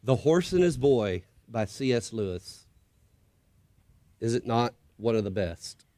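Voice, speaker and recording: A man's voice: mid-range voice, unhurried, no room sound. A middle-aged man and father of grown children reading a story aloud with drama to an audience. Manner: expressive, dramatic read-aloud.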